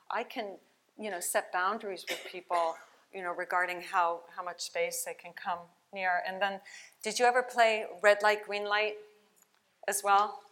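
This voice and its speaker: A woman speaks at a conference keynote with a bright, clear-edged voice. Her talk is chatty and animated, a play therapist telling stories to the audience through a microphone. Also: medium pitch. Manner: chatty, animated storytelling with laughs. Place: conference hall.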